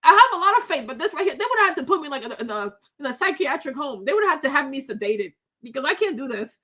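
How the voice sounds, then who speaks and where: A woman's voice: high-pitched, big pitch swings, fast talker, pushed and bright. A woman in her thirties hosting a vlog, giving emotional commentary, tearful at times and repeating her phrases over and over. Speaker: vlog host.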